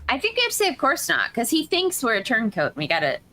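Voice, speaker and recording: A woman's voice: a little high, huge pitch swings, very fast, sharp tone. A woman chatting playfully while playing a story game, often wondering aloud. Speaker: co-player. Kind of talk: casual let's play chat.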